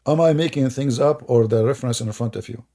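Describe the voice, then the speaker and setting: Sarcastic guy ranting on a stream, gravelly low-key voice, keeps asking mocking questions. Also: fast talker, warm tone. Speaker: online religious debate host. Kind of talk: mocking livestream commentary.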